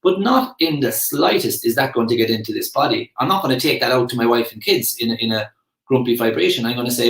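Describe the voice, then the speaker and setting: A man's voice: medium pitch, animated, fast talker. A man in his forties with an Irish accent, talking in a rambling, chatty way with self-aware asides, in a casual reflective monologue. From Ireland. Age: 40s. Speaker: motivational speaker. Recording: echoey room.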